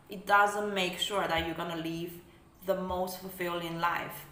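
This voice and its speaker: A woman's voice: on the low side, pushed and bright, roomy sound. A woman spiritual life coach giving an earnest talk, often tagging her sentences with "right?" and repeating words as she goes. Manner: repeats words, non-native phrasing. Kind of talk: energy update talk to camera.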